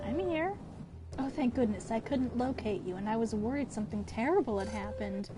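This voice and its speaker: A woman's voice: on the high side, expressive, fairly quick, music in the background, close to an everyday voice. A woman voicing a distraught space station AI, reading game dialogue aloud in frantic, pleading outbursts. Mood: worried.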